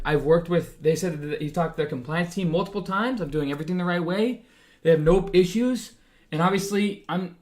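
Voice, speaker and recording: A man who trades stocks, ranting in a heated monologue, frustrated and fired up, often repeating himself and trailing off. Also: high voice. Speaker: day trader and stock-trading streamer.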